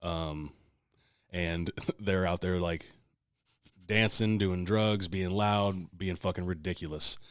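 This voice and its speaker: A man's voice: sits low, fairly even intonation, slow pace, clean tone, dry recording, studio quality. A man co-hosting a podcast, telling a long story in casual, profane, heated talk. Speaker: podcast co-host.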